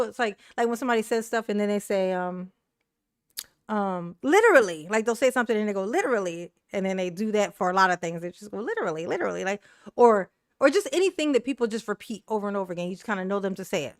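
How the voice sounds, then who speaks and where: A woman's voice: mid-range voice, lively intonation, quick pace, clean tone, no room sound, clean studio sound. A woman host giving casual, blunt reaction commentary, sassy and profane and laughing often.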